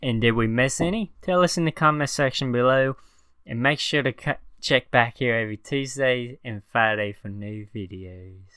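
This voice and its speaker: A man co-hosting a casual video chat, upbeat and quick to prompt his partner. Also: mid-range voice, sharp tone, smooth, dry recording, studio quality. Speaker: co-host.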